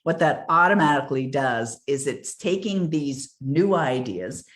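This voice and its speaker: A woman's voice: low voice, expressive, a little slow. An older woman giving an earnest, emphatic motivational coaching talk, repeating key words for stress. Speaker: success coach.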